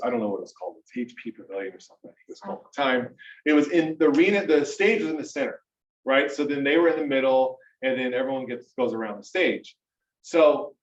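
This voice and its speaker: A man addresses a small group in a meeting room, telling his story in a loose, lively, conversational way and checking in with his listeners as he goes. He is picked up from a distance, so the room echoes around him. The sound is dull and muffled. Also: mid-range voice, a little hiss or hum. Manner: animated, conversational, frequent "right?" and "okay?". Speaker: mastermind speaker.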